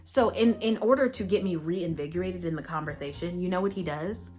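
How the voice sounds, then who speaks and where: A woman's voice: fairly low pitch, a little fast, darkish tone. A young woman chatting casually while doing her makeup, rambling through a story with lots of fillers and playful asides to her viewers. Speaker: beauty vlogger. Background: faint background music.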